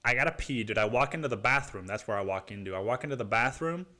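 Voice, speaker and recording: A man's voice: mid-range voice, expressive, fast, sharp tone. A man hosting his podcast, telling a comic story in a rambling, profane way and saying "dude" constantly. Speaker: podcast host. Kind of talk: comedic storytelling.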